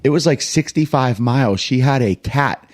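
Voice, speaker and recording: A man coaching and co-hosting a podcast tells a story with lots of energy. He acts out everyone's lines and laughs through it. His voice sits at an ordinary middle pitch. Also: moderate pace. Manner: animated storyteller, acts out quoted voices, laughs while telling. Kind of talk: casual storytelling chat.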